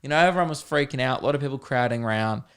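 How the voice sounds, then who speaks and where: A young man hosting a podcast, telling a comedic story in a casual, animated, self-deprecating way, with plenty of swearing. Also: medium pitch, very fast, clean tone. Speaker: podcast host.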